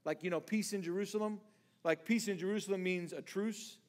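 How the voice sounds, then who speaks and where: Male pastor, high voice, chatty sermon delivery with restarts and acted-out quotes. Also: a little fast. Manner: conversational, restarts words, acts out scripture lines.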